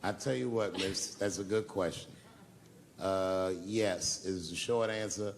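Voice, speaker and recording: A man's voice: deep voice, unhurried, a little hiss or hum. A man doing stand-up on stage, telling long profane stories and answering audience questions in a loose conversational way. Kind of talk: stand-up storytelling and Q&A. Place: live comedy venue on stage.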